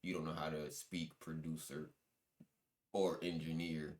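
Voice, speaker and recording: A man's voice: extremely low pitch, little pitch movement, unhurried. A young man, a guest musician, telling stories in loose, slangy casual chat with lots of restarts.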